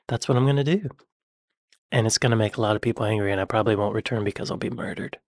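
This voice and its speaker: A man's voice: mid-range voice, fast, darkish tone, no echo. Guy doing a reaction vid, sarcastic and jokey, super dry close sound, mid voice. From United States. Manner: joking, sarcastic. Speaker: reaction video host. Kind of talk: casual reaction commentary.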